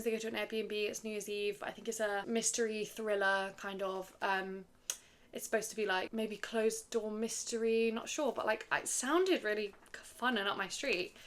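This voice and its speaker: A woman's voice: on the high side, fairly bright tone. Casting: woman, book vlogger, casual rambling chat to camera, easy laughs. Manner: chatty, rambling, with fillers and little laughs. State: slightly out of breath.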